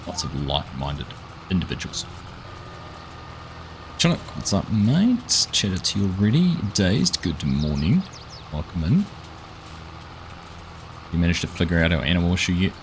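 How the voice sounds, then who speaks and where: Deep-voiced man hosting a live game stream. He chats loosely with his audience, greeting viewers one by one with upbeat friendliness while he plays. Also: background noise. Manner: chatty, greets viewers by name. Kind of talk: live gameplay commentary.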